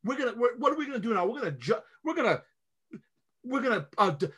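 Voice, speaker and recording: Emphatic, rambling man with a bright voice. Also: very high voice, big pitch swings, fast talker, husky. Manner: emphatic, rambling, frequent restarts and fillers. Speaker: podcast co-host. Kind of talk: casual podcast storytelling.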